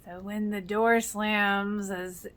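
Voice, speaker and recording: A woman's voice: medium pitch, steady tone, slow, a bit bright. A woman giving casual reaction commentary, earnest and emotional, with many fillers. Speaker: reaction video host.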